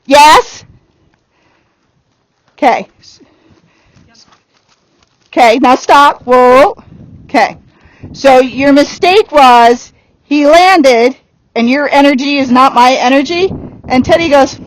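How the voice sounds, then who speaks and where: High-pitched woman trainer; direct, upbeat coaching in an outdoor arena. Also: no echo, low-quality recording. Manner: direct coaching with quick laughs. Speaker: horse trainer. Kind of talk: giving a riding lesson.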